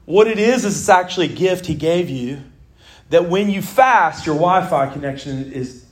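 A middle-aged man preaching a casual, animated sermon, joking and talking to his listeners like friends. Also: a little high, moderate pace. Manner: animated, jokey, conversational with laughs and asides.

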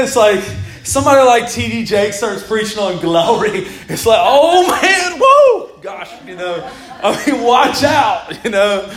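A middle-aged man preaching a sermon as pastor, in a casual, animated way with laughs and sudden shouts. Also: fairly high pitch, echoey room. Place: church sanctuary.

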